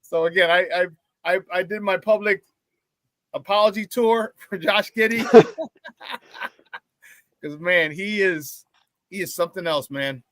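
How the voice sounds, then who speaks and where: A man hosting a sports talk show, talking excitedly and casually with many restarts and repeated phrases. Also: high voice, measured pace, long pauses, dry recording. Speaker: sports radio host.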